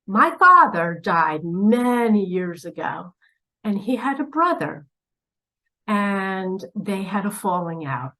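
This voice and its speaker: A woman giving a spiritual talk straight to the viewer, dramatic and preachy, swinging between loud urging and hushed asides and pressing the listener with pointed questions. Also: medium pitch, very animated, slow pace, poor audio. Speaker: spiritual teacher. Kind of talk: direct-to-camera spiritual talk.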